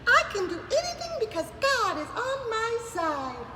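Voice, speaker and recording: A woman voicing a tiny, eager female termite builder in a storybook, speaking high and confident. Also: very animated, measured pace, heavy background noise, heavily acted. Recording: echoey room with long reverb.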